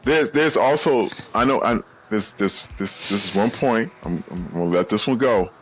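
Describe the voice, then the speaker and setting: A man chatting excitedly about a film on a podcast, restarting his sentences as he goes. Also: on the low side, slight background noise. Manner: animated, excitable, halting restarts. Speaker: podcast co-host. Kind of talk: casual movie chat.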